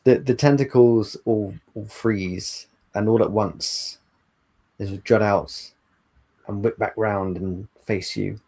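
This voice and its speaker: A man narrating as game master, setting scenes in an unhurried, descriptive way. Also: on the low side, steady tone, mellow, breathy edge, rough recording.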